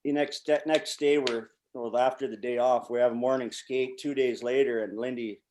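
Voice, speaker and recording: A man's voice: mid-range voice, steady tone, normal speed, darkish tone, a little hiss or hum. Profane, rambling man telling stories. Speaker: podcast guest, former pro hockey player. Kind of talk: casual storytelling.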